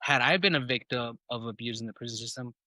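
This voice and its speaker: A man's voice: mid-range voice, fast, bright, forceful tone, dry recording. A man, a podcast guest, telling a personal story in casual talk, reenacting conversations and often saying bro. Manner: casual, reenacts dialogue, says bro a lot.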